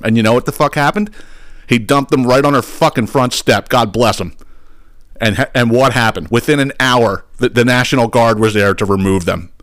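A man's voice: mid-range voice, moderate pace, a bit bright, dry recording, studio quality. A man hosting a podcast, ranting angrily and sarcastically about politics and swearing often. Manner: angry, sarcastic, swears a lot. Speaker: podcast host. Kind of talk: profane political rant.

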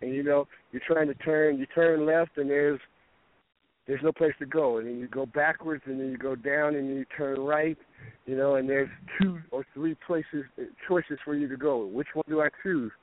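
A man's voice: on the high side, steady tone, moderate pace. Man coaching over a tinny phone line. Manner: rambling, repeats words when starting sentences; tells stories with quoted back-and-forth. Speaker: fitness coach. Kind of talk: casual podcast talk.

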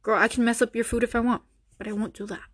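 A woman's voice: fairly high pitch, flat delivery, quick pace, husky, no room sound, studio quality. A young woman hosting her own podcast, ranting bluntly and sarcastically with lots of swearing. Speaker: podcast host. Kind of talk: solo podcast rant.

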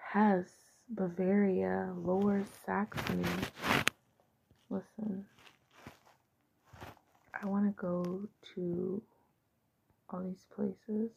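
A woman hosts a podcast in a casual, rambling chat, often sinking into a soft half-whisper. Her slow delivery carries a gravelly fry. The recording sounds dull and lo-fi, with faint noise behind her. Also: mid-range voice. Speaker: podcast host.

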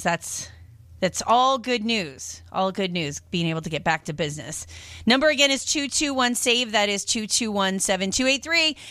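A woman's voice: mid-range voice, bright, forceful tone, no room sound. A woman hosting a radio shopping show, chatting casually and rambling between calls with lots of fillers, from a studio microphone.

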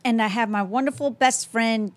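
A woman hosts a casual podcast, speaking bluntly and openly. Her voice sits a bit high, and her talk is loose, with ums and restarts. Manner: frank, plain-spoken, with filler pauses. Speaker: podcast host.

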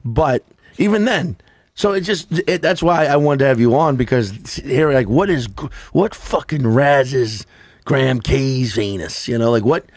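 A man's voice: mid-range voice, measured pace, a little mellow, dry recording. A man hosting a podcast, riffing in casual comedic chat with profane, crude jokes. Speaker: podcast host.

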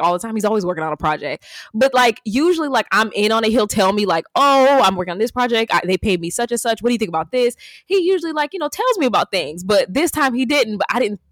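A young adult woman co-hosting a podcast, telling stories in a chatty, animated way with lots of "like". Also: medium pitch, dry recording. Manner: chatty, animated storytelling with many "like"s. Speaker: podcast co-host. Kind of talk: casual chat.

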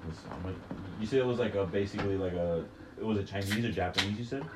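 Deep-voiced young man, halting and rambling. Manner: rambling, halting, swears a lot. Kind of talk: casual chat while drinking. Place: room at home. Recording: echoey room with noise.

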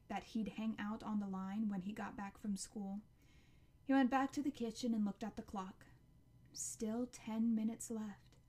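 A woman narrating a novel chapter as an audiobook, in a measured, expressive storytelling manner. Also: medium pitch.

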